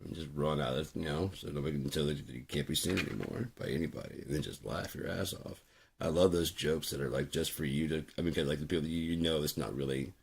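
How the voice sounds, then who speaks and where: A man's voice: rumbling low, gravelly, husky. A man talking casually while streaming, rambling and swearing with many fillers. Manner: rambling, profane, lots of fillers. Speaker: music producer streaming. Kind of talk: casual chat.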